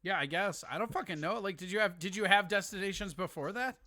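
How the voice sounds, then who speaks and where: A man's voice: high voice, quick pace, sharp tone. A man hosting a live stream, chatting casually and teasing a caller, swearing freely. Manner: profane, teasing. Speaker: livestream host.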